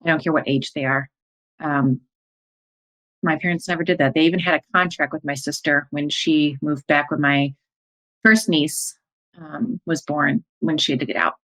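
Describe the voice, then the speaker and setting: A woman's voice: deep voice, bright, forceful tone, low-quality recording. A woman, a coach and podcast host, telling a personal story as an emotional monologue, acting out her own and her family's words. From American Midwest. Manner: emotional, breathless retelling with quoted dialogue.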